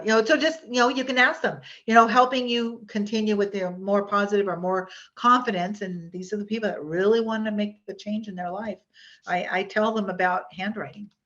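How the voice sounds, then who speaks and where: A woman's voice: medium pitch, fairly bright tone, dull audio. Chatty woman teaching a hypnosis workshop. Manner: chatty, rambling, with many restarts and fillers.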